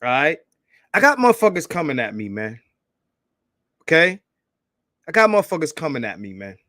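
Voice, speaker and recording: A man hosting a casual livestream, hyped and profane, calling out shout-outs to viewers and begging for likes. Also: fairly high pitch, sing-song, normal speed, dry recording, studio quality. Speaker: livestream host.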